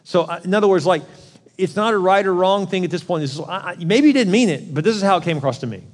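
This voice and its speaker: A fairly high-voiced man preaching to a congregation in a casual, conversational way, slipping into other people's voices as he quotes them. The sound carries a long reverb from a large hall. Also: lively intonation, fast talker. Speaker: pastor. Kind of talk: sermon.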